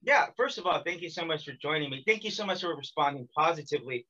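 This is an American man running a podcast interview in a relaxed, joking way, ribbing his guest as he goes. His voice is bright and forceful and sits a little high for a man. The recording is muffled and lo-fi. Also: quick pace. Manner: joking, teasing, energetic. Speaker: podcast host. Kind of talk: casual interview chat.

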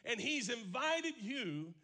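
A man delivers a sermon as a pastor, with a high, bright, forceful voice. He swings between quiet, intense passages and shouted declarations. He drives his points home by repeating phrases. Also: big pitch swings, slow pace.

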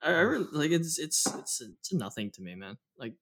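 Laid-back man, slightly higher voice. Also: big pitch swings, brisk, a bit bright. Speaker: podcast co-host. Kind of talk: casual chat about video games.

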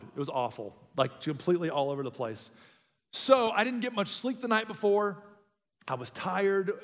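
A man in his thirties preaching a sermon as a pastor, telling a funny personal story with lots of energy. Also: high voice. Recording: long reverb in a large room.

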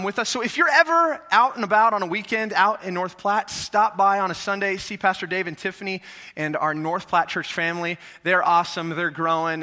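Bright, energetic male pastor in reverberant church. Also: sits high. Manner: energetic, conversational, many rhetorical questions to the congregation. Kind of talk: sermon. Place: large church sanctuary. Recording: long hall reverb.

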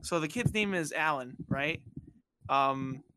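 A man from Bosnia, the podcast host, casually telling a childhood story and acting out the people in it with squeaky voices. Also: takes it slowly, slight background noise. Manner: animated, acts out quoted voices in high squeals.

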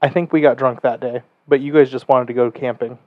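A man's voice: medium pitch, fairly even intonation, brisk, no room sound. Easygoing man on a dull, dry mic. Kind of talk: casual chat.

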